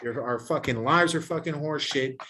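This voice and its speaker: A man hosting a podcast, his voice sitting a little high. He rants in a heated, preachy way and packs nearly every sentence with swearing. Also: moderate pace, sharp tone. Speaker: podcast host. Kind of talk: profane ranting podcast chat.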